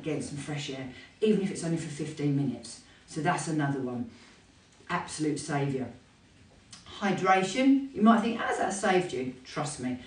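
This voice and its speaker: A woman in her fifties talks openly and with animation, the way a fitness instructor chats to her followers. Her voice sounds a little far off in an echoey room. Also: deep voice. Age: 50s. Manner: chatty, candid and animated. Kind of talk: casual talk to camera. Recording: roomy, voice from a distance.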